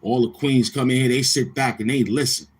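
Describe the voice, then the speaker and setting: Slightly fast with a breathy edge, this man's medium-pitched voice stays steady in tone. Hosting a livestream, he talks casually to viewers in a crude, boastful and repetitive way.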